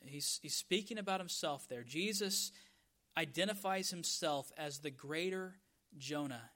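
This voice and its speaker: A male pastor delivers a sermon. His voice sits high and sounds bright and forceful, and he slows right down on the words he wants to land. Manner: emphatic preaching, stretches key words slowly for stress.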